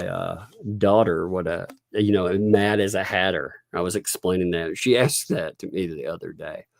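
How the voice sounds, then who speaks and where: A middle-aged man chats casually on his livestream, frequently chuckling as he reads donor messages aloud and thanks them. He speaks with a fairly low pitch and vocal fry, recorded dry in studio quality.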